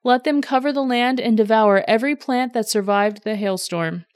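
A woman's voice: a little high, normal speed, no room sound, natural voice. Brief: solemn commanding male deity, voiced by a woman reader, plain and dry.

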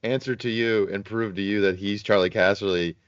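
A man co-hosting a podcast in casual chat, reflective and quick to tease his partner. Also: lowish voice, steady tone, dull audio, a little hiss or hum. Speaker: podcast co-host.

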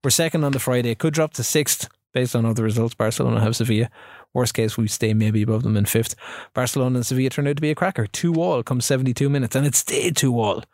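Chill guy cohost, mid pitch, recaps his stuff, dry little jokes, dead dry mic. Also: fast, dry recording. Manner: relaxed recap storytelling, dry asides. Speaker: podcast co-host. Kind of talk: casual chat.

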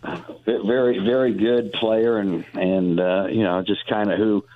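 A man in his sixties, a deli owner calling in to a radio show, talking in a halting way with many restarts. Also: fairly low pitch, fairly even intonation. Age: 60s. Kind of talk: casual radio interview on the phone. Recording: dry tinny phone line.

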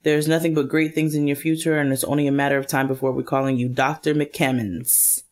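A woman's voice: a bass voice, little pitch movement, a little fast, a little mellow. A woman co-hosting a casual podcast, reading listener emails aloud in a playful, joking way. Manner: playful, joking, laughs often. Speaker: podcast co-host.

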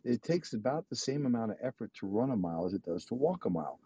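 Husky, mellow-voiced motivating man. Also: mid-range voice, sing-song, fast, dull audio. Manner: emphatic, repetitive, coaching tone. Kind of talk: motivational casual talk.

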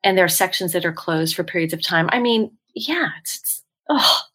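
A woman's voice: fairly low pitch, a little fast, breathy edge. A woman from the San Francisco Bay Area, a ghost tour guide, telling stories in a casual podcast chat and acting out the voices she quotes. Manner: animated storyteller, acts out quoted voices.

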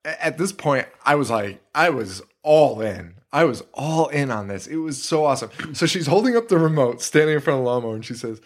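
A man co-hosting a horror movie podcast, excitedly retelling scenes in casual, profane chat. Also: medium pitch, a little fast, few pauses. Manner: excitable, swearing, retells scenes with quoted voices. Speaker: podcast co-host.

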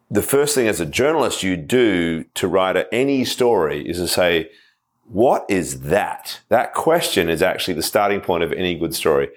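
A middle-aged man with a very low voice speaks as a guest author on a podcast panel. He tells his story in an animated way and swears freely. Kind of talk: casual panel chat.

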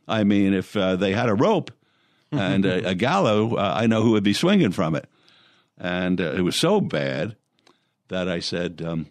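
An older man, a guest in an interview, telling long anecdotes and pausing often on fillers and restarts. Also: low-pitched, big pitch swings, dry recording, studio quality. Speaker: interview guest, former lawyer and mayor. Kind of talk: storytelling in conversation.

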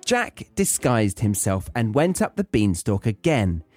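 A man's voice: lowish voice, very animated, a little slow, a little mellow. A British man hosting a podcast, reading a children's story aloud with wry, joking asides. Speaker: podcast host. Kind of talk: story reading with comic commentary.

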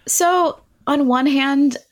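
A woman's voice: high-pitched, drawn-out words. A woman, chatting enthusiastically as a guest about local food, with plenty of fillers. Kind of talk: casual chat.

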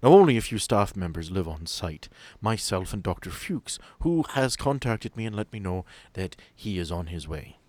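A man's voice: deep voice, very animated, normal speed, hardly any pauses, darkish tone. A man voicing a businesslike asylum staff guide. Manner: matter-of-fact, businesslike guide. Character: asylum staff member giving a tour.

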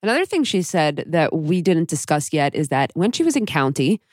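A woman with a very deep voice hosts a podcast. She narrates and explains in a steady, measured way. Her voice is recorded close and dry, with no room sound. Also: dry recording. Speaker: podcast host.

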